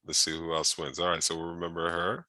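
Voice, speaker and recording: A man's voice: deep voice, level tone, fast talker, sharp tone, no echo. A man hosting an online workshop over a video call, upbeat and chatty, with lots of fillers and restarts. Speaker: host of a workshop speaker series. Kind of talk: casual online event hosting.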